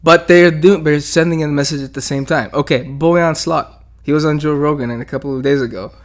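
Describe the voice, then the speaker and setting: A young man co-hosting a casual podcast, rambling and joking, with a slightly higher voice. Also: brisk. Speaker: podcast co-host. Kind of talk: casual profane banter.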